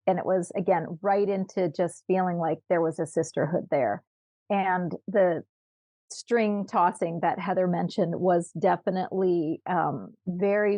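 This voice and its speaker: A woman guest in a casual interview, speaking in a measured, thoughtful way with pauses. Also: fairly low pitch, dark tone, dry recording. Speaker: guest, retreat attendee.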